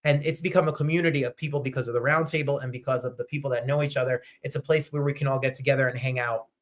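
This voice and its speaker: A man hosting a live online show, chatting casually and animatedly, with sudden jumps to loud, high outbursts. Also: fairly even intonation, rapid-fire. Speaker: host. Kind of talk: casual livestream chat.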